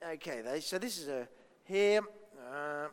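Aussie guy doing the kids' talk at church, fairly high voice, lots of questions, big echoey hall. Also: lively intonation, a little slow, clean tone. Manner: playful, questioning, coaxing. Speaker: children's minister.

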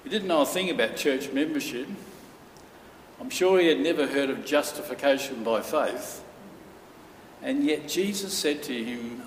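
A man preaches in a church hall, building his story with earnest, dramatic pauses. He sounds set back from the microphone, and his voice rings out in a long, echoing reverb. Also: mid-range voice, lively intonation, slight background noise. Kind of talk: sermon. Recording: echoey hall from far off.

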